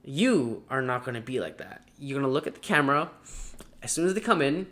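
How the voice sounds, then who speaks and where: Talking straight to camera in a vlog, a marketing coach with a mid-range voice advises viewers on job interviews. He's energetic and animated, sometimes slipping into quick mock dialogues.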